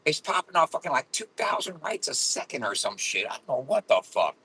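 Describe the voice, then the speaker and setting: A man ranting angrily with constant swearing and loud outbursts while driving in his car. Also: medium pitch, sing-song, brisk, husky, rough recording. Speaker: vlogger. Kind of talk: profane ranting vlog.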